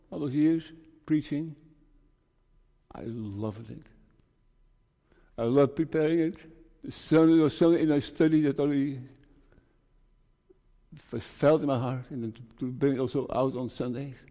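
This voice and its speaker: Older man, pastor, earnest sermon, mid-pitched voice, long church reverb. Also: unhurried, pauses often, dark tone. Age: 60s. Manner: earnest, repeats phrases for emphasis. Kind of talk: farewell sermon. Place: church sanctuary.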